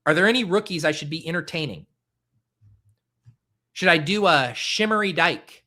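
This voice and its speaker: A man in his thirties hosting a live stream, chatting excitably with his viewers while drafting. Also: fairly high pitch, moderate pace. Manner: excitable, animated, talks to chat. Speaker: fantasy football streamer. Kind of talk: live-stream casual chat.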